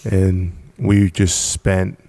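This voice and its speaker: With drawn-out words and vocal fry, a man with a low, warm voice and flat delivery shares his founding story on a podcast. It's casual storytelling on a dry recording, full of emphasis, repetition and frequent laughter.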